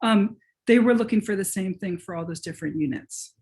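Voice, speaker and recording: A woman's voice: mid-range voice, brisk, a little mellow. A woman author and professor answering questions in a virtual lecture, talking eagerly and restarting her sentences as she thinks aloud. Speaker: author and professor being interviewed. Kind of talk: conversational lecture Q&A. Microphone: video call.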